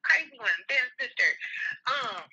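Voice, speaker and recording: A woman's voice: high-pitched, animated, unhurried, pushed and bright, husky, highs cut off. A woman co-hosting a casual podcast chat, bluntly and emphatically repeating her complaints. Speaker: podcast co-host.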